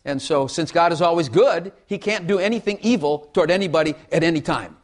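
A man's voice: a little high, brisk. A man preaching a sermon in a folksy way, repeating phrases and asking the congregation for amens.

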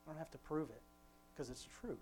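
A father leading an informal family devotion, talking in a rambling, conversational way with many restarts, and slowing down to quote scripture with emphasis. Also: on the high side, a little mellow, slight background noise.

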